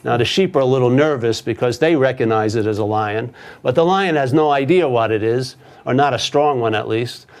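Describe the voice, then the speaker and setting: A man's voice: mid-range voice, fairly quick. A man, a spiritual teacher, telling a story casually and often checking in with "yeah?". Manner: casual, animated, tags with "yeah?". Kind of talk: storytelling in a conversation.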